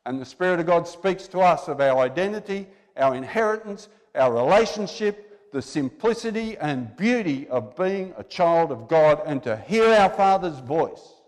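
A man's voice: fairly high pitch, expressive, moderate pace, few pauses. A male preacher delivering a sermon in a church. He talks conversationally, exhorts his listeners and asks them rhetorical questions. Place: church hall. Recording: long reverb in a church hall.

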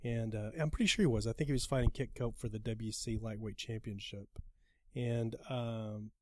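A man telling a story in casual conversation as a podcast guest, swearing freely and shouting out the lines he quotes. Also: lowish voice, normal speed, no echo, studio quality. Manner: animated, profane, shouts when acting out quotes.

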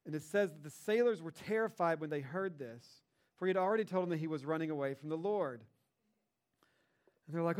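A young man preaching in a casual, conversational way, retelling a Bible story and rising in pitch and volume when he stresses a point. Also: normal speed, long pauses. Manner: conversational and animated, rises in pitch and volume for emphasis. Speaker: pastor.

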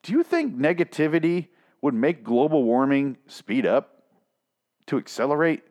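A man's voice: on the high side, big pitch swings, normal speed, darkish tone. A man reading an article aloud and mocking it with profane, incredulous rants. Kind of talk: comedic reaction commentary.

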